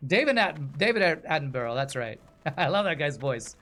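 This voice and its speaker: A man's voice: a little high, sing-song, brisk, hardly any pauses, a bit bright. A male streamer chatting casually while he plays, in a jokey, self-deprecating way. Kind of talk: casual chat while playing a game.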